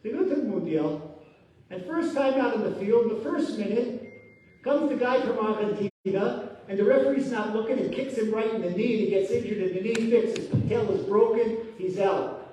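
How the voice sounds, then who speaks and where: A rabbi giving a Torah lesson, telling stories with lively voiced quotes. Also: male voice, high voice, moderate pace, a little hiss or hum. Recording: echoey hall from far off.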